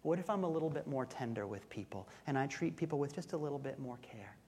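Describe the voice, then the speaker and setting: A male pastor giving a conversational sermon, telling a story with relaxed humor and asides. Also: mid-range voice, fast, slight background noise.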